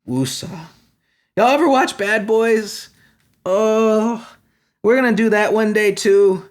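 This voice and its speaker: A man hosting a comedy podcast, ranting in a profane, agitated way and swinging between shouting and muttering. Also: high voice, steady tone, slow. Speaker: podcast host.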